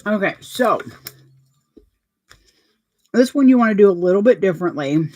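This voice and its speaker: A woman's voice: medium pitch, expressive, normal speed, a little mellow. A woman vlogger chatting casually and telling anecdotes while talking through her sewing steps.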